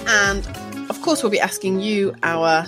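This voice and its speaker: A woman's voice: medium pitch, measured pace, music in the background. A woman co-hosting a food podcast, rambling cheerfully and laughing as she talks. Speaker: podcast co-host. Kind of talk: casual chat.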